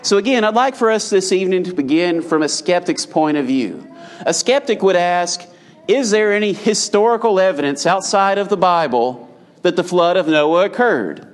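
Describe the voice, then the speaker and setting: A man preaches an evening sermon, his voice sitting a little high. He talks to the congregation directly and conversationally. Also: expressive, normal speed. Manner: conversational, addresses the audience directly.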